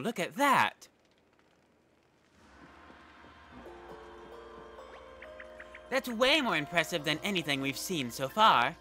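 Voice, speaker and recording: A man's voice: on the high side, bright, forceful tone, voice pushed up, exaggerated voice. A man voicing a cheerful, curious young paper girl with a put-on European accent, eager and chatty. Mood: thrilled. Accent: European-tinged, put on. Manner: eager, wide-eyed and chatty. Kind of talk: reading game dialogue aloud.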